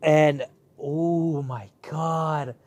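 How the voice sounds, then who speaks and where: Excitable young man reviewing a show. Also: a little high, drawn-out words, no echo. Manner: excitable, animated, many fillers and re-enacted quotes. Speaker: channel host reviewing a show. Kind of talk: casual review chat.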